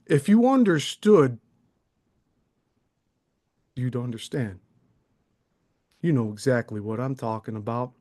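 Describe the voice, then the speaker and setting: A man's voice: mid-range voice, lively intonation, slow, long pauses, warm tone. A man hosting a live stream, airing his grievances in a sarcastic, aggrieved rant. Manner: aggrieved, sarcastic, mocking impressions.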